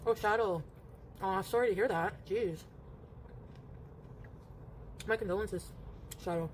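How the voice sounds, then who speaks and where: A woman's voice: mid-range voice, measured pace, poor audio. A woman streaming herself eating, greeting viewers by name as she goes. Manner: reads viewer names aloud while eating. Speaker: food streamer in a played clip. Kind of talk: casual eating stream chat. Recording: played clip with faint background noise.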